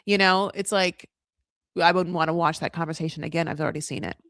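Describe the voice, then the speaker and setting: A woman's voice: on the low side, steady tone, fast talker, a bit bright, no room sound, studio quality. A woman hosting a casual live recap of a reality show, blunt and opinionated, rambling with lots of "like" and frequent swearing.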